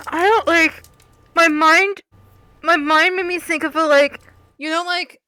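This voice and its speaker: A woman chatting casually as a player in a tabletop game, giggly and a little hesitant. Her voice is high and bright and moves up and down constantly. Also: steady tone, a little slow, no echo. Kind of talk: casual chat.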